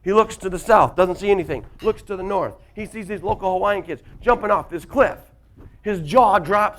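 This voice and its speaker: A man's voice: high voice, very animated, fairly quick. A man giving a motivational workshop talk to a live audience, telling stories and asking the audience questions. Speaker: motivational speaker.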